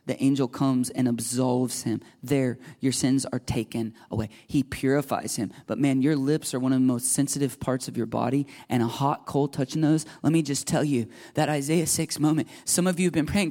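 A man's voice: medium pitch, fairly even intonation, normal speed, darkish tone. A man in his thirties preaching a sermon as a pastor, earnest and confessional, acting out quoted prayers.

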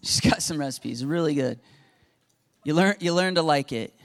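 A man's voice: a little high, moderate pace. A middle-aged man preaching a sermon as pastor, acting out Bible dialogue with rising intensity.

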